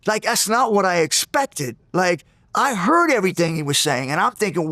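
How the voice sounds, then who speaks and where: Animated man telling a fight story. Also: high-pitched, moderate pace, hardly any pauses, no room sound. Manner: animated, acts out the people in his stories; restarts and repeats words. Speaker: interview guest. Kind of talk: interview storytelling.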